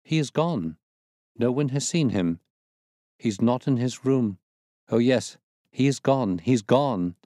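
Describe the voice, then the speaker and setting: A man's voice: low-pitched, very animated, moderate pace, hardly any pauses, a little mellow, no room sound, studio quality. A man voicing a sickly young maid who speaks strangely and slides into hysteria. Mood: unhinged. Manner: strange, breathless, rising to hysteria.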